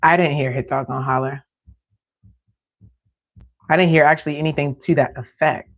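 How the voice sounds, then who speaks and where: A woman with a lowish voice rants on her live stream, indignant and laughing in disbelief as she circles back and restarts her sentences. She speaks straight into a streaming mic. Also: steady tone, normal speed, dull audio. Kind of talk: commentary rant on a live stream.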